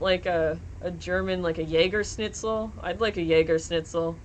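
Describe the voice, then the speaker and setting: A woman's voice: lowish voice, fairly even intonation, unhurried, few pauses, slight background noise. A young woman streaming from home, chatting casually while gaming, giggling and joking as she reads chat aloud.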